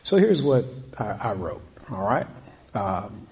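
Preaching slowly in a lowish, darkish, sing-song voice, this pastor keeps circling back to his main points. He grows more intense as he goes, asking the congregation questions and calling out amen.

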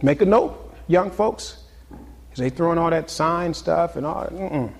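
A man preaching a sermon in a husky, slightly high voice. He moves between loud, punchy exclamations and quiet, confiding asides. His delivery is lively and conversational. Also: unhurried, long reverb tail. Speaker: pastor.

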